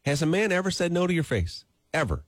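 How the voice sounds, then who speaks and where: A man's voice: fairly high pitch, fast, no room sound. A man hosting a radio morning show, joking and bantering with his co-hosts in the studio. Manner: lively, joking, trails off and restarts.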